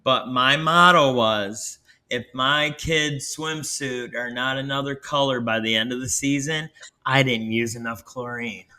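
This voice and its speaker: A man from Buffalo, New York hosts a podcast with a bright, forward voice. His talk is loose and jokey, full of teasing and self-mockery. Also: medium pitch, measured pace, clear, resonant tone. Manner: joking, teasing, self-mocking. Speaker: podcast host. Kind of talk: casual chat.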